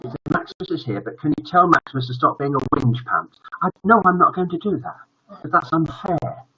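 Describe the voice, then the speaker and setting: A man's voice: on the high side, lively intonation, fairly quick, pushed and bright, slightly rough. Older northern English man, jokey live-stream host. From northern England. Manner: jokey, greets viewers by name. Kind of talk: casual live-stream chat. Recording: muffled lo-fi audio.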